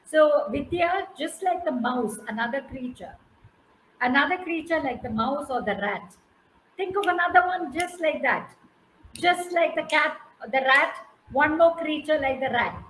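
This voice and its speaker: With an Indian English accent, a woman tells a story to a class in a high, animated, slightly bright voice, unhurried. She coaxes answers from listeners and praises them by name, though the low-quality recording sounds roomy with a little hiss or hum.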